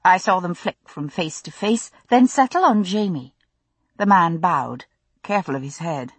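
A woman narrating a novel in the first person, with expressive, dramatic storytelling. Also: fairly low pitch, moderate pace, husky, no echo. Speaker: audiobook narrator.

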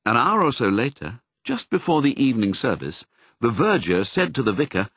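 A man narrating a children's storybook, expressive and varied. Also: mid-range voice, normal speed, husky, no room sound. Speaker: audiobook narrator.

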